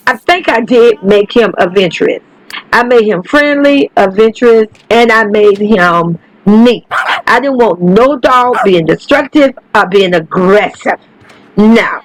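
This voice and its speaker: Animated, profane woman gaming host. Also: dry recording, rough recording. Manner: animated, chatty and profane, calls viewers baby; laughs often, voice jumps high when excited. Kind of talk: casual gameplay commentary.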